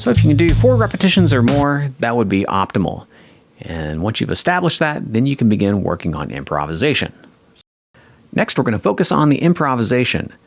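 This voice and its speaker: A man teaching a guitar lesson, calmly explaining and counting the beat aloud. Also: mid-range voice, brisk, creaky, no room sound. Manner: calm explaining, counting beats aloud over a track. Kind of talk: instructional lesson.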